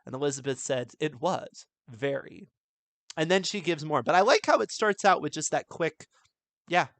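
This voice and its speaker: A man's voice: a little high, lively intonation, a little fast, fairly bright tone, no echo. A man teaching writing, walking through a film script in a casual, conversational way with many fillers and restarts. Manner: reads film quotes aloud. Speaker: writing instructor. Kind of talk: script analysis lesson.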